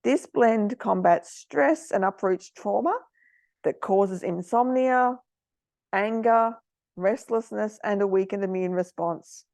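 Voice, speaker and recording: A middle-aged woman host talking earnestly to parents, sometimes moved to emotion, giving gentle advice. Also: medium pitch, slow, gravelly, dry recording. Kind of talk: casual product talk to parents.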